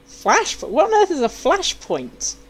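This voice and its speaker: A young British woman from London comments on a game as she streams it live. Her voice swings widely in pitch as she chats. Her talk is expressive and lively. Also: measured pace. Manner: chatty, expressive.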